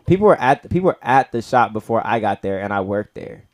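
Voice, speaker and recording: A young man of Nigerian heritage doing stand-up at an open mic, rambling in heavy slang with constant "bro" and "you feel me", getting loud and high when acting out stories. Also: very animated, fast. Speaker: stand-up comic. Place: comedy club open mic.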